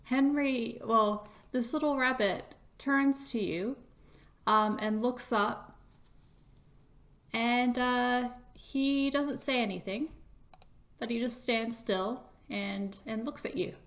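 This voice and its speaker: A woman narrating as game master of a tabletop game, halting with frequent fillers and a playful tone. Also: on the high side.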